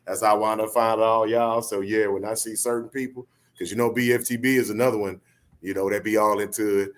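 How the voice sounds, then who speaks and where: A man's voice: fairly low pitch, level tone, fast talker. A man co-hosting a boxing talk show, chatting in a laid-back, rambling, slangy way. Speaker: boxing podcast co-host. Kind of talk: casual chat.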